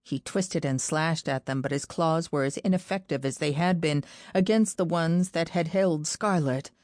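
A woman narrating a fantasy audiobook in a steady, even storytelling manner. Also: deep voice, normal speed, no echo, studio quality.

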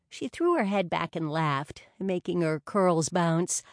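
Woman reading a novel, lowish voice, takes her time, wry. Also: animated, no room sound, studio quality. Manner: measured, wry storytelling. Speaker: audiobook narrator. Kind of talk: scripted narration.

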